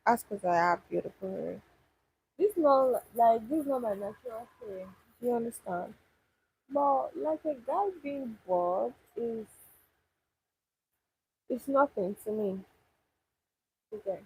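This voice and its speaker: A woman's voice: fairly high pitch, expressive, slow pace, pauses often, dark tone, a little hiss or hum, rough recording. A young woman chatting casually with viewers on a livestream, thinking aloud and restarting her sentences. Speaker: livestream host answering viewers. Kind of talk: casual live chat.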